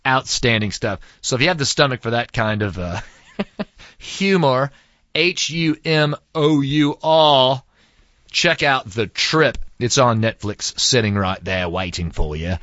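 Podcast host, man from Texas, chatty and rambling, low-pitched, dry studio sound. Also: animated, a little slow, bright, forceful tone, no room sound, highs cut off. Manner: chatty and rambling, many fillers. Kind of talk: casual podcast monologue. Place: recording studio.

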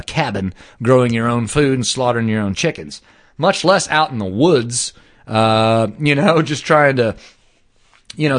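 A man telling a story in casual chat, animated and slangy, swearing now and then. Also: mid-range voice.

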